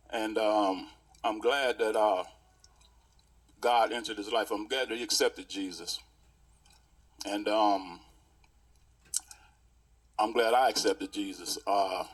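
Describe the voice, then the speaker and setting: A man in his sixties, a pastor, giving a heartfelt memorial tribute and reminiscing in stories with many pauses. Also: on the low side, slightly rough.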